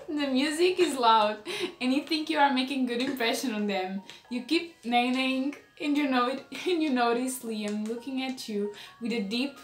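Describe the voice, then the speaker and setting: A woman's voice: high voice, measured pace, slight background noise. A young woman narrating fan fiction aloud, often breaking into laughter. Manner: reads aloud through frequent laughter. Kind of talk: giggly reaction reading. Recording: roomy room, faint music.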